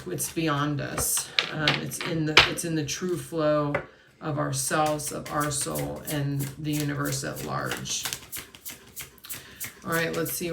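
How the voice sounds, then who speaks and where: A low-pitched woman with a gravelly edge leads a spiritual card reading. Her talk drifts along with fillers and restarts. She sits a little back from the mic in an echoey room with faint ambient hiss. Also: far from the mic. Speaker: host and intuitive card reader. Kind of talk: spoken collective tarot card reading.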